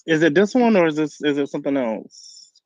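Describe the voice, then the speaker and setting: A man's voice: a little high, animated, fairly quick, a little mellow, slight background noise. A man co-hosting a casual chat, talking candidly and with emphasis, in everyday slang. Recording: dry, slightly dull lo-fi sound.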